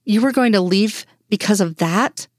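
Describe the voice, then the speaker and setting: A woman's voice: mid-range voice, normal speed, no room sound, clean studio sound, natural voice. A woman voicing a wry grown man, a teasing FBI agent, in a fan story reading. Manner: teasing, laughing.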